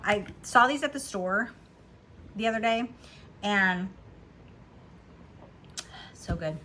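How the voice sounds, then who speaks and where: Bright chatty woman reviewing books. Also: medium pitch, a little hiss or hum. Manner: chatty and giggly, with frequent ums and likes. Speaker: book vlogger. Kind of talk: casual book review chat. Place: at home.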